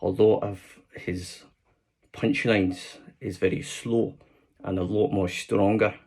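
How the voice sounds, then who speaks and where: Man doing a slow, deliberate Scottish man, low-pitched. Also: steady tone, a little mellow, slightly rough, full character voice. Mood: musing. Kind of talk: accent demonstration, improvised chat.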